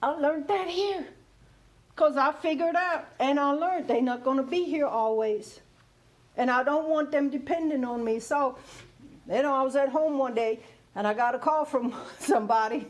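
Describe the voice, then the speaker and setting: A woman's voice: high voice, normal speed. A woman in her fifties, from Germany, telling personal stories candidly on a talk show, laughing often and checking that she is understood. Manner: candid, laughing, repeats "you hear what I'm saying".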